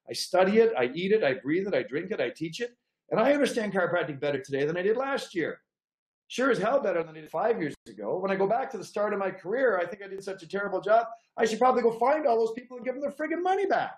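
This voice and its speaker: A man with a fairly high voice talks to fellow chiropractors in a folksy, emphatic storytelling manner. He calls his listeners "folks" and presses his points hard. The room around him echoes. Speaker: chiropractic coach.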